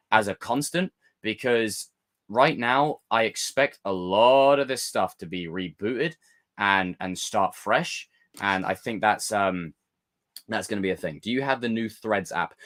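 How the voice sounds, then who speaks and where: Theatrical man hosting a livestream. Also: lowish voice. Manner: theatrical, animated rants. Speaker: livestream host. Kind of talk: casual live chat with viewers.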